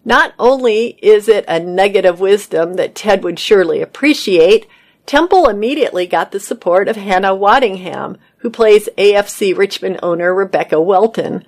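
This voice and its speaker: A woman's voice: mid-range voice, normal speed. Woman reading entertainment news aloud.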